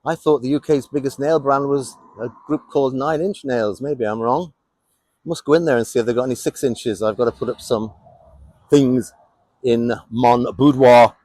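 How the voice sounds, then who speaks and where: A man with an English accent walks around a town outdoors, vlogging wry, sardonic running commentary. His voice is medium-pitched, fairly quick and a little mellow, with no echo.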